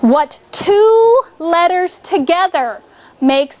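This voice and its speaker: A woman's voice: extremely high pitch, lively intonation, slow, a little mellow. A woman teaching a fourth grade phonics lesson in a classroom, drawing out her prompts and repeating cues as the class thinks.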